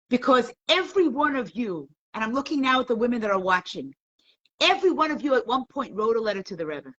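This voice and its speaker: Middle-aged woman teacher, husky voice, lively pitch, emotional, asks her online viewers questions. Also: quick pace, highs cut off. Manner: emotional, questioning the audience, storytelling. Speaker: Torah class teacher. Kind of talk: live online class talk.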